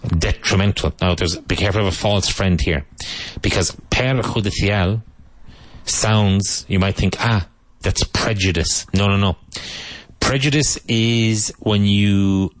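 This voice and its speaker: A man teaching English vocabulary to Spanish speakers, repeating each word slowly and explaining its pronunciation. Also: low voice.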